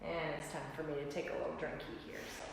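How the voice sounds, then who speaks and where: A woman teaching a yoga class, giving calm, guiding instructions with playful asides. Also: sits low, quick pace, vocal fry, noisy background. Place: yoga studio room. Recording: echoey room with long reverb.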